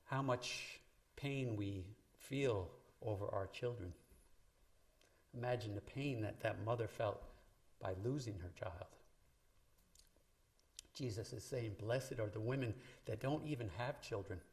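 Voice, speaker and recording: A man's voice: lowish voice, unhurried, pauses often. A man preaching a sermon in a church, talking conversationally to the congregation and lifting his voice when he quotes scripture. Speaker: minister. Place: church sanctuary.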